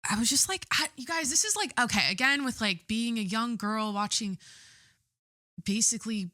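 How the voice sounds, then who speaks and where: A woman's voice: a little high, moderate pace, sharp tone, no room sound, clean studio sound. A young woman hosting her own podcast, rambling and giggling through a casual monologue and swearing freely. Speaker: podcast host.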